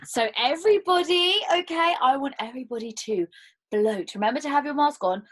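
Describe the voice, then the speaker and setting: A woman storyteller leading children through playful movement games, with animated exclamations and gasps. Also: sits high, brisk.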